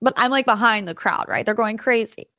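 A young woman hosting a podcast, telling a story in a casual way and acting out quotes in high, excited voices. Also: fairly quick, dry recording, clean studio sound. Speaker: podcast host.

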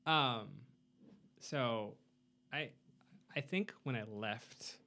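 A man's voice: medium pitch, drawn-out words, bright, forceful tone. Man chatting with hesitant fillers. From Romania. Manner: hesitant, many fillers and restarts, dry joking. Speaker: podcast guest. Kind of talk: casual chat.

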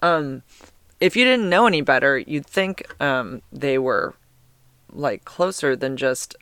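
A man's voice: mid-range voice, lively intonation, takes it slowly, fairly bright tone, smooth, dry recording. A man hosting a podcast from home, telling a long story in a rambling, chatty way with lots of fillers. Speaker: podcast host. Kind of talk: casual storytelling. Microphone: podcast mic.

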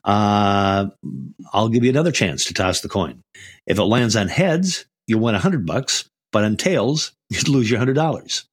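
A man's voice: on the low side, expressive, unhurried, slightly rough, no room sound, clean studio sound. An older man hosting a podcast, telling stories in a casual way with many restarts and repeated words. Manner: storytelling, frequent restarts and stammered repeats. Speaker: podcast host.

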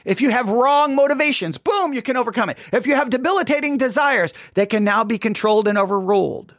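A man's voice: very high-pitched, fast, fairly bright tone, no echo, clean studio sound. A man leading a Bible study, talking in a provocative, sarcastic, challenging way. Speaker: Bible teacher. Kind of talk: animated Bible study teaching.

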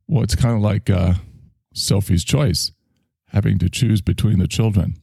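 A man's voice: on the low side, unhurried, gravelly, mellow, breathy edge, no room sound, studio quality. A man hosting an improvised comedy bit, playful and rambling.

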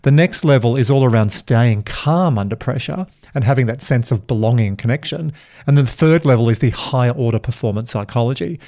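A man hosting a podcast, talking in an energetic, emphatic way and telling animated stories. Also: medium pitch, brisk. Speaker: podcast host. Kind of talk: casual podcast chat.

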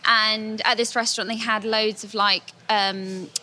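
Woman, casual podcast chat, rambling with fillers and restarts, bright tone. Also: medium pitch, little pitch movement, a little slow. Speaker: digital intern.

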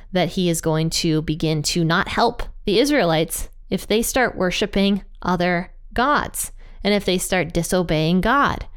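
A woman's voice: lowish voice, smooth. A woman teaching a casual Bible study, reading scripture aloud and chatting with small laughs at herself.

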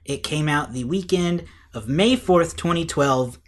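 A man co-hosting a podcast, steering the talk and reading out facts in a steady, casual way. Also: fairly high pitch, measured pace. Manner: steady, reads facts and figures. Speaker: podcast co-host. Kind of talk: casual movie discussion.

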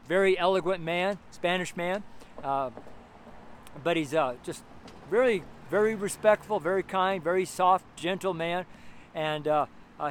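A man with a notably high voice preaches and prays out on a city street, hammering home his points by repeating them again and again. His talk is loose and emphatic, full of little fillers. Faint traffic rolls by in the background. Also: fairly bright tone. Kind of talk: street sermon and prayer.

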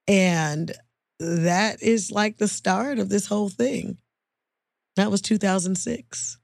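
Actress lady guesting on a podcast, creaky fry-y voice, playful storyteller, dry sound. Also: medium pitch, slow, dry recording. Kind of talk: casual chat.

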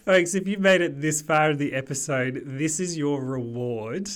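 A podcast co-host in casual chat, laid-back and quick to laugh. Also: mid-range voice.

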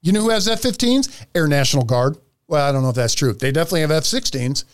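A man's voice: on the high side, animated, fast talker, smooth. A man hosting a podcast, ranting profanely through heated political commentary. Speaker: podcast host.

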